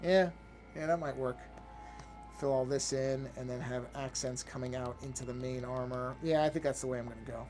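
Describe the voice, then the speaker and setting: A man's voice: medium pitch, steady tone, a little fast, music in the background. A man streaming his drawing session, thinking aloud in a casual, hesitant way, often trailing off and restarting his sentences. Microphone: desk microphone.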